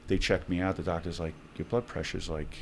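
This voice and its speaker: A middle-aged man with a very low voice recounts his experiences as a podcast guest. He acts out the dialogue in lively turns, speaking in conversational bursts. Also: brisk, a little hiss or hum. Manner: animated storyteller acting out dialogue. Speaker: guest, former hostage negotiator. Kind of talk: storytelling in a podcast interview.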